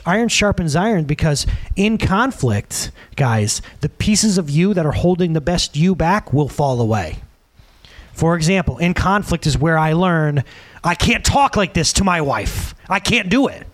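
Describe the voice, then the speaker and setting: A man in his thirties, a pastor, preaching a conversational sermon and acting out quotes in other voices. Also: fairly high pitch. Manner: conversational, animated, acts out quotes.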